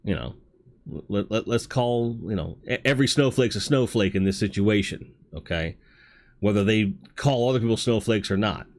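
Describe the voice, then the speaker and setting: A man's voice: fairly low pitch, moderate pace. A man hosting a livestream talk show, speaking candidly in a rambling way and swearing casually. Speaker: host.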